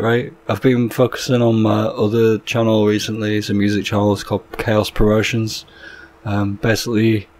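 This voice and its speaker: Excitable sweary gaming commentator man. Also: medium pitch, slight background noise. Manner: excitable, swears a lot, sudden loud outbursts. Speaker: gaming YouTuber. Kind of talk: casual gameplay commentary.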